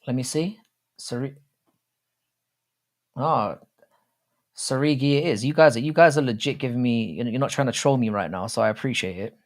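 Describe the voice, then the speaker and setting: A man's voice: mid-range voice, moderate pace, long pauses. A young man hosting a casual live stream, rambling and swearing freely with many restarts.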